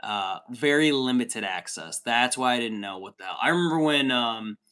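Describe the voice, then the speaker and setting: Bright-voiced man swearing casually. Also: medium pitch, lively intonation, moderate pace, clear, resonant tone. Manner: profane, rambling, says dude a lot. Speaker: livestream host reading chat. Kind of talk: casual chat.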